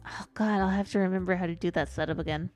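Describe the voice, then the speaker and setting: A woman's voice: on the low side, steady tone, fast talker, a little mellow, soft background music. A woman streamer chatting casually while she plays, her voice stuffed up and congested, rambling and trailing off mid-sentence. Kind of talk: casual gaming stream chat.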